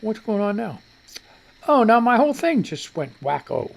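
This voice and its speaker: A man's voice: sits high, sing-song, normal speed, gravelly. Rambling, salty male live-show host. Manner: rambling, salty, self-mocking. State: short of breath. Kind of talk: casual live-stream chat.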